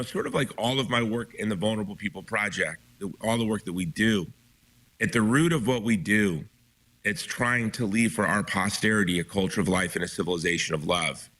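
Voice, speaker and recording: A low-pitched man talks as a guest author with a forceful, tense edge to his voice. He presses his points urgently and emphatically, often restarting mid-sentence. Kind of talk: impassioned interview talk.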